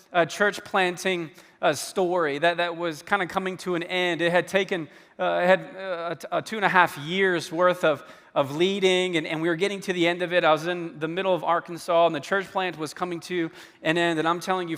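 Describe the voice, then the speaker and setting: A male pastor preaching a sermon, animated and acting out dialogue with rising emphasis. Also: high voice. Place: church sanctuary. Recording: long hall reverb.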